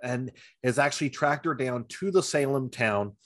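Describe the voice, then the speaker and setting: A man's voice: mid-range voice, moderate pace, no room sound. A man co-hosting a podcast in casual comedic chat, laughing often and steering the conversation with questions. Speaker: podcast co-host.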